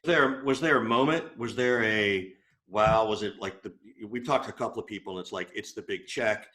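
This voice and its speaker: Male podcast host, curious questions, bright forceful tone, lowish pitch. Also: normal speed. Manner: curious, asks probing follow-up questions. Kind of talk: casual interview.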